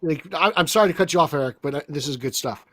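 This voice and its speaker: A man's voice: fairly high pitch, quick pace, no echo. A man co-hosting a casual podcast, enthusiastic and eager as he chats. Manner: excitable, enthusiastic. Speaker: podcast co-host. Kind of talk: casual live-stream chat.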